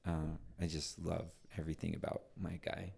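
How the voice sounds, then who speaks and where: Man, middle-aged, very deep voice, podcast guest, animated storyteller, restarts sentences. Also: moderate pace, gravelly, slight background noise. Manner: animated, acts out voices in anecdotes; frequent restarts and trailing phrases. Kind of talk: storytelling in conversation.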